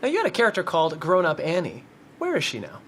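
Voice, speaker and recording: A woman interviewing from off camera, firing playful questions at a quick clip. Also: on the low side, wildly swooping pitch, breathy edge. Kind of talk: upbeat rapid-fire questioning.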